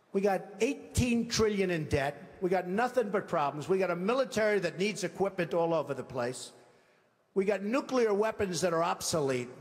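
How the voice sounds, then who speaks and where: An older man gives a campaign speech in a boastful, repetitive way, acting out imagined phone calls. His voice sits high for a man. The sound carries the long reverb of a large hall. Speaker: presidential candidate.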